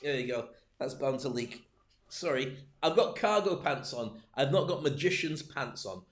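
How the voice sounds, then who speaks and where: A man's voice: mid-range voice, animated, moderate pace. A man coaching on public speaking in a livestreamed talk, full of joking, rambling asides.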